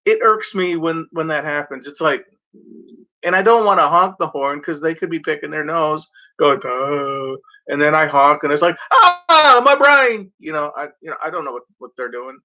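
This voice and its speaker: Bright-voiced man ranting casually. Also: a little high, brisk. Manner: rambling, profane, mock-voices other drivers. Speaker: vlogger. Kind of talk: casual rambling vlog rant. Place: at home in front of a blanket backdrop. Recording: dull lo-fi home recording.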